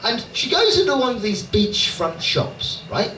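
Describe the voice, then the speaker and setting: British male stand-up, high animated voice, self-mocking, heard from afar in an echoey club. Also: measured pace, recorded from a distance. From Dorset, England. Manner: chatty, self-mocking, keeps checking in with "right?". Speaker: stand-up comedian. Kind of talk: stand-up crowd work. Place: comedy club stage. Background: audience laughter and room noise.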